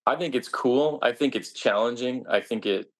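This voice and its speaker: A man's voice: medium pitch, moderate pace. A man, a stage actor, answering interview questions in an earnest, reflective way with frequent restarts.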